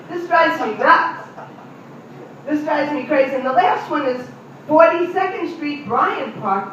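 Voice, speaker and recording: In a live venue, a middle-aged woman performs stand-up comedy and talks directly with audience members. Her voice sits high, and the distant, echoey, muffled room recording carries a little hiss or hum.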